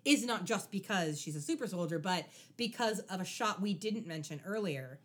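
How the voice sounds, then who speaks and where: Wry, animated woman recapping a show. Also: fairly low pitch, moderate pace. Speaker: podcast co-host. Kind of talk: casual chat recapping a TV episode.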